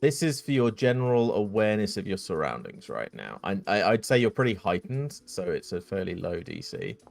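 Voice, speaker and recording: Laughing male game master, lively pitch. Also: brisk, vocal fry, faint music behind. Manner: laughing, hesitant narration full of fillers. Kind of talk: narrating a tabletop game.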